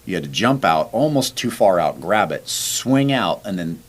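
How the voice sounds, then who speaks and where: A low-pitched man at a moderate pace hosts a podcast and shares a story casually. He acts out quoted lines with animation, voicing what people said.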